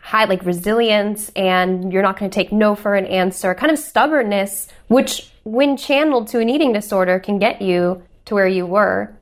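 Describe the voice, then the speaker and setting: A woman's voice: medium pitch, moderate pace, hardly any pauses. Affirming woman podcast host. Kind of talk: interview conversation.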